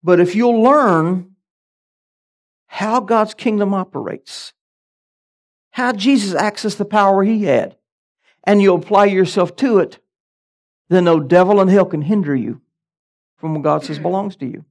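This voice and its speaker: A man's voice: high-pitched, unhurried, long pauses, darkish tone. A middle-aged man, a pastor, preaching a sermon with emphatic delivery and frequent amens.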